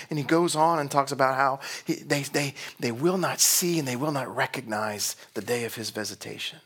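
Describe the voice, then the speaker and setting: A man preaching with a husky, breathy edge to his voice. He delivers the sermon with real emotion, letting his voice rise for emphasis and then sink almost to a whisper. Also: mid-range voice, a little fast, hardly any pauses. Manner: emotional, swinging between loud and hushed. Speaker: pastor.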